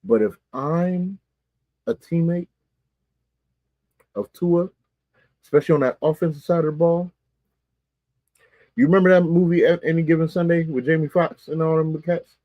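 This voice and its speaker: A man's voice: fairly high pitch, normal speed, pauses often, no echo, lo-fi sound. A man co-hosting a live-streamed sports talk show, talking emphatically in colloquial speech and repeating phrases for effect.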